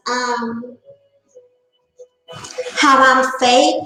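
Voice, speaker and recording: A woman's voice: high-pitched, slow, pauses often, roomy sound, poor audio. A woman hosting a casual livestream, talking sarcastically to her chat and laughing often. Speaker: livestream host.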